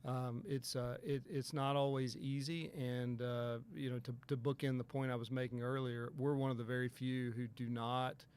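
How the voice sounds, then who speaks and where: A man's voice: mid-range voice, little pitch movement, normal speed, few pauses, darkish tone, smooth. A man, a personal injury attorney talking as a guest on a talk show, earnest and emphatic, with many restarts. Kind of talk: casual talk show conversation.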